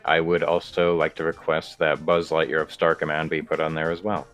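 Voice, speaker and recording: A man chatting casually with fellow voice actors, relaxed and agreeable with some halting restarts. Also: a bass voice, faint music behind. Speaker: voice actor in group chat. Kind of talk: casual chat.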